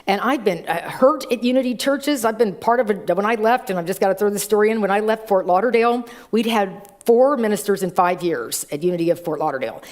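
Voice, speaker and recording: A woman's voice: medium pitch, lively intonation, fairly quick, hardly any pauses, a little mellow. A middle-aged woman minister giving a chatty sermon in a church, telling stories with playful voices. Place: church sanctuary.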